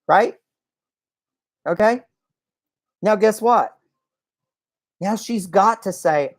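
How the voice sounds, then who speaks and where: A network marketing coach giving a casual motivational talk, chatty and folksy, often checking in with "okay?" and "right?". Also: medium pitch. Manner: acts out phone calls in a lively voice. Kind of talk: casual motivational talk to a live online group.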